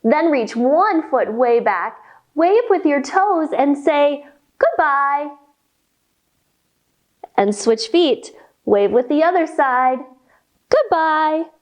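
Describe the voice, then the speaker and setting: Woman leading a children's yoga storytime; high, bouncy voice, unhurried and playful. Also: animated, a little mellow. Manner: slow, playful sing-song instructions to children. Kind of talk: guiding a kids' yoga storytime.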